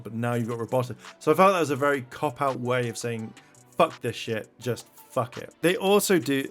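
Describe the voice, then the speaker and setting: A man reviewing a show in a blunt, rambling rant full of swearing. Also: mid-range voice.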